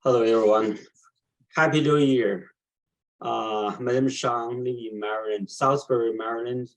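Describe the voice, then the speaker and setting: A man in his sixties introducing himself on a video call, halting and repeating himself as he talks. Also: medium pitch, fairly even intonation, rough recording. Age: 60s. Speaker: participant. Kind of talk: casual self-introduction.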